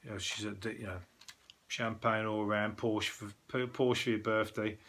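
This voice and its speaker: A man's voice: on the low side, little pitch movement, moderate pace, fairly bright tone. A man with a Birmingham accent, host of a newspaper review, chatting casually in a sweary, sarcastic, rambling way. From Birmingham, England. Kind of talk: casual chat.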